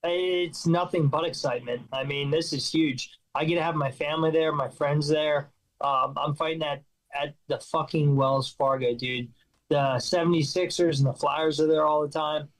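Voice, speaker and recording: A man's voice: on the high side, fairly even intonation, moderate pace, rough recording. A man, a fighter guest on a podcast, talking bluntly and swearing freely. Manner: blunt, profane and brash. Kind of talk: casual chat.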